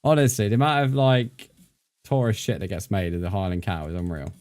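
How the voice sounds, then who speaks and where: A man's voice: lowish voice, steady tone, fairly quick, darkish tone. A man, a streamer chatting casually and rambling while he plays, thanking viewers by name. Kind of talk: casual live-stream chat while gaming.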